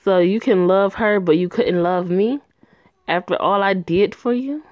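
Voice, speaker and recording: A woman's voice: mid-range voice, measured pace, no echo, narrow, tinny audio, natural voice. A woman reading the part of a cruel, vengeful young woman who taunts her ex-lover in a mocking, sneering way.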